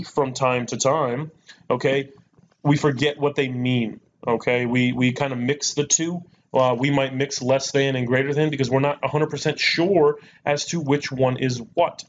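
A man teaching a math lesson in a chatty, joking way, repeating key points. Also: medium pitch. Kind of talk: recorded lesson. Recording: dull lo-fi recording with faint noise.

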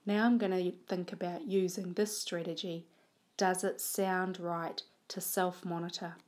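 Slow, deliberate woman teacher reading aloud. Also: lowish voice, a little mellow. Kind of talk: modelling reading aloud for children.

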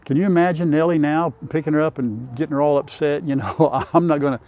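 An older man with an easy drawl, speaking a little high for a man. He chats in a folksy, rambling way, talking to his hens and to his viewers in turn, recorded on a lapel mic outdoors by a chicken pen. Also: fairly even intonation, fast, dull audio, slight background noise. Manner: folksy and chatty, talks to his birds. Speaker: farm vlogger. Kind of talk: casual farm vlog talk.

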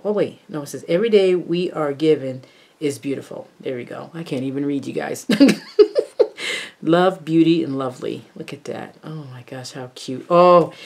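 A woman narrating a casual unboxing, gushing and exclaiming over each item and often dropping into soft murmurs. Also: deep voice. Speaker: craft vlogger unboxing a haul.

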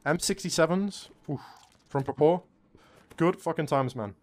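Excitable, swearing male game streamer. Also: on the high side, moderate pace. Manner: excitable, swears a lot, calls everyone bro. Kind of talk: casual live-stream commentary.

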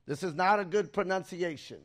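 Excitable high-voiced man preaching. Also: fairly quick. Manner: excitable, calls out to congregation. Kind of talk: bilingual sermon with live interpreter. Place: church sanctuary.

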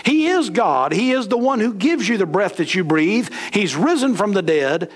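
A middle-aged man preaching a sermon in a church, swinging between high emphatic lines and low, slow drops. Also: big pitch swings, breathy edge. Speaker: pastor. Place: church sanctuary.

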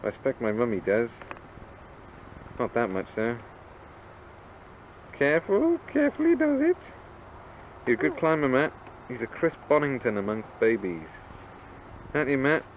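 A medium-pitched man speaks at normal speed with long pauses, teasing and coaxing his toddler in an animated manner as he films at the family home. The camcorder microphone produces poor audio with slight background noise.

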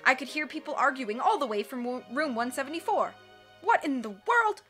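A woman putting on a demanding, flustered grown man from a storybook reading. He blusters and exclaims, pitched high in a bright, sharp voice. Faint music plays underneath. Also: animated, a little fast. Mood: alarmed.

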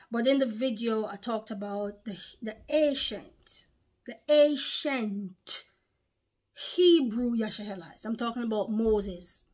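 A woman preaching a sermon to her video audience. She talks emphatically, repeats herself, and pauses to recollect. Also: a little high.

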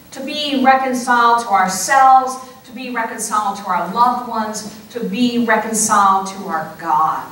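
A woman priest preaching a sermon, slow and deliberate with playful conversational asides. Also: fairly high pitch, lively intonation, fairly bright tone, slight background noise. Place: church sanctuary. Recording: echoey church heard from a distance.

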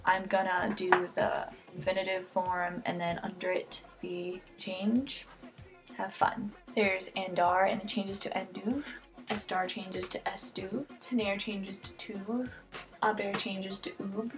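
A woman's voice: medium pitch, flat delivery, takes it slowly, music in the background. A teenage girl giving a casual homemade Spanish grammar lesson, chatty and jokey, often sidetracked, speaking close to her computer mic. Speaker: amateur Spanish tutor. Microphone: computer webcam mic close up.

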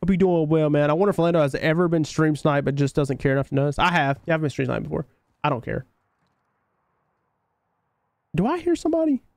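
A man's voice: a little high, fairly even intonation, very fast, vocal fry, no echo. A young man with a Southern US country twang who does laid-back, slangy live gameplay commentary, reading chat aloud and answering viewers. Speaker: game streamer.

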